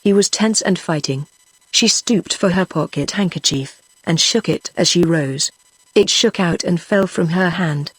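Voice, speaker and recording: A woman's voice: lowish voice, slightly rough, no echo. Synthetic British woman reading a story. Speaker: narrator. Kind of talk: text-to-speech audiobook reading.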